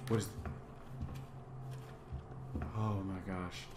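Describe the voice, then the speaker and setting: A man's voice: deep voice, little pitch movement, drawn-out words, roomy sound, noisy background. A man hosting a let's play, jumpy and easily startled, repeating himself and bantering with viewers. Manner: chatty with an exclamatory, self-deprecating banter. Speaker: gaming channel host.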